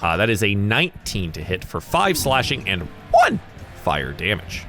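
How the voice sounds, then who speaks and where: A man from the US South running a tabletop game as game master, thinking aloud in a halting way. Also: lowish voice, wildly swooping pitch, music in the background.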